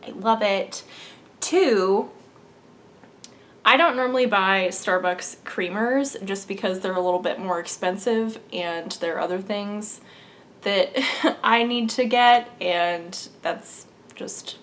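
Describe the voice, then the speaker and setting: A woman's voice: mid-range voice, slow, fairly bright tone. A young adult woman hosting a knitting podcast, chatting casually and bubbly, laughing often. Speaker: podcast host. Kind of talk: casual chat.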